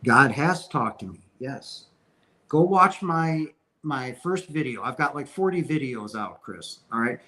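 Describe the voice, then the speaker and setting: A man's voice: medium pitch, animated, unhurried, pushed and bright, rough recording. Earnest man answering viewer questions. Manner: earnest, emphatic spiritual talk with many restarts. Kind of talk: casual Q&A livestream.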